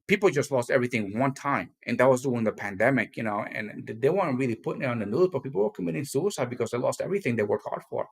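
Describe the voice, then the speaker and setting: A man co-hosting a casual morning talk show, rambling and blunt, often repeating his own words. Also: medium pitch. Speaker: show co-host.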